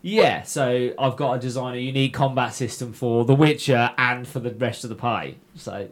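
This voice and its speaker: A man in the game master's seat, talking through his plans in a loose, rambling podcast style. He stops and restarts, filling gaps with ums, at an ordinary middle pitch. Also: moderate pace. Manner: rambling, many fillers and restarts. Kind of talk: casual podcast chat.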